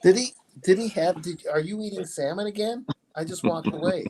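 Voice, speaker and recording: A man on a casual video call, asking curious questions in a soft, trailing way. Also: high voice, fairly quick, background noise.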